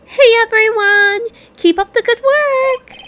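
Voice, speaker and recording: A woman voicing a bubbly, excitable young woman sidekick, reading game dialogue aloud in a chirpy, eager way. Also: extremely high pitch, slow, a little hiss or hum, full character voice. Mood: cheerful.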